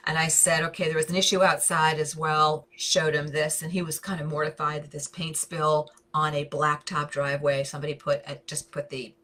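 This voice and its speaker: Low, crisp female voice, calm and conversational, advice-talk host. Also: moderate pace, few pauses. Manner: calm, conversational, repeats words and restarts. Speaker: interior design educator.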